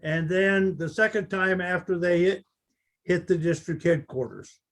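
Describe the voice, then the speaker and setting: Slow, high-voiced older man. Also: a bit bright. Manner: halting, full of uh fillers. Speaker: veteran recounting a battle. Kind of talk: unscripted recollection.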